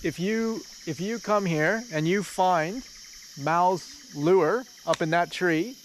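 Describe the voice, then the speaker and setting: Joking Canadian guy, slightly high voice. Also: slow, a little hiss or hum. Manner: joking, boastful, rambling. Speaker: vlogger. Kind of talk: casual chat. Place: outdoors in rainforest.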